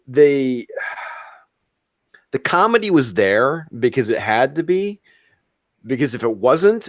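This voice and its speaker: Animated man gushing in casual chat. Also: medium pitch, no echo. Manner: excited, animated storytelling with frequent fillers and swearing. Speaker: roundtable guest.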